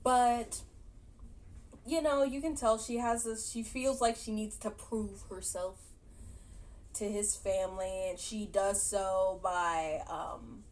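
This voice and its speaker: A woman's voice: mid-range voice, fairly even intonation, slow, a little mellow, rough recording. A woman casually recapping a movie she watched, chatty and laughing often, with many fillers. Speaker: movie reaction vlogger.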